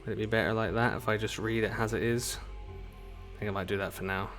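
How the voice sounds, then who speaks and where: A low-voiced man chats through a story game on a home stream, rambling and trailing off between lines. He reads the dialogue in his everyday voice into a desk mic. Soft game music runs faintly underneath. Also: fairly even intonation, fast talker. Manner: chatty and rambling, often trailing off. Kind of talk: casual gameplay commentary and reading game dialogue aloud.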